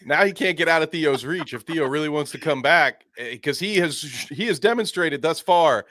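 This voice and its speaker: A man's voice: a little high, moderate pace, a bit bright, no echo. A man co-hosting a live podcast, commenting on clips in a rambling, stop-start way and often correcting himself. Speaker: podcast co-host. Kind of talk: casual live-stream chat.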